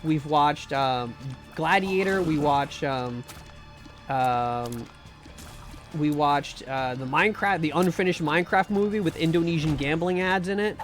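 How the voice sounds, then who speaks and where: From a room at home, a male streamer and VTuber chats casually while playing a game live, rambling, joking, restarting sentences and making mock pleas. His voice is fairly high and unhurried, with soft music in the background.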